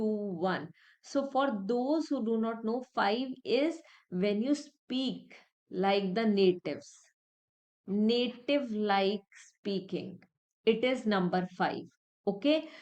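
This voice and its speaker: A young woman from India, an English test tutor, teaches an exam-prep lesson, working through each point step by step and repeating it with many "okay"s. Her voice is on the high side and a little mellow.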